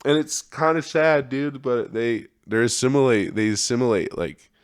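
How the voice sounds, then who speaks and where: A man's voice: medium pitch, moderate pace, clear, resonant tone, no echo, studio quality. A man hosting a podcast, talking in a rambling, profane monologue and laughing often. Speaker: podcast host.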